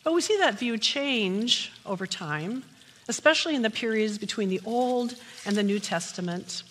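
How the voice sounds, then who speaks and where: A woman's voice: a little high, lively intonation, normal speed, a bit bright, slight background noise. A woman pastor preaching a sermon, opening with jokes and then teaching steadily. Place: church sanctuary. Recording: long church hall reverb.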